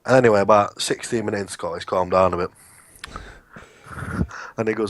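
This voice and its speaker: A man's voice: on the low side, fairly even intonation, a little fast, a little hiss or hum. A man co-hosting a podcast, telling work stories in a blunt, sweary, casual way. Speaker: podcast co-host. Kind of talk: casual chat.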